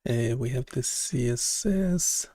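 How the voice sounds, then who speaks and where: A man developer streaming live, talking casually and haltingly as he thinks aloud, with many fillers. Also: mid-range voice, expressive, dark tone, dry recording.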